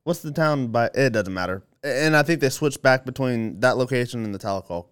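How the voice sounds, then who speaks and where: A man in casual chat, agreeable and quick with short yeses. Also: mid-range voice, a bit bright, clear, resonant tone.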